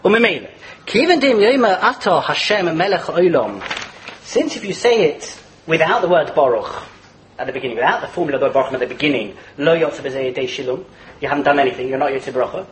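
Fast-talking, high-voiced male Torah teacher. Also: slight background noise, low-quality recording. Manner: lively, quick, chuckles while explaining; mixes Hebrew and Yiddish terms into English. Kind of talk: animated religious lecture.

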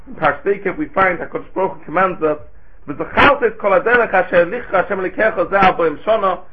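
A man's voice: sits high, fast talker. A man giving a Torah sermon, asking rhetorical questions and chanting Hebrew phrases in a lilting way. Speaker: rabbi giving a Torah talk. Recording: tinny phone-like recording.

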